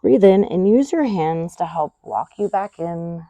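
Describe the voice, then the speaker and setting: A woman leads a yoga class, talking through each pose and breath at a very slow, calm pace. Her voice sits low and has a gravelly texture. The sound is close and dry. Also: no room sound, dull audio. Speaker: yoga instructor. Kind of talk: guided yoga class instruction.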